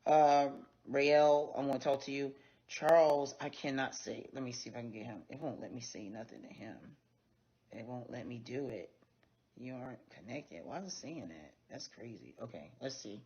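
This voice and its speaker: A woman's voice: very deep voice, normal speed, warm tone, a little hiss or hum. A woman hosting a casual livestream, talking bluntly and with plenty of profanity straight to her viewers. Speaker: livestream host. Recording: dull lo-fi stream audio.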